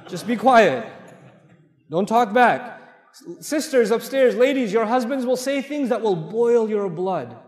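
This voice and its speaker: Addressing a mosque audience, a middle-aged man lectures on Islam through playful storytelling, dramatizing the dialogue. His very high voice has lively intonation and a measured pace, and the recording echoes as if captured from afar in a large hall.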